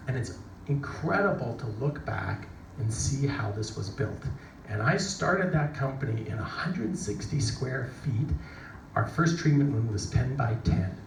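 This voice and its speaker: A middle-aged man giving a motivational talk, telling a story with lively energy and acting out the people in it. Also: medium pitch, vocal fry. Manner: animated storyteller, acts out voices and shouts. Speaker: motivational speaker. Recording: echoey hall from a distance, noisy.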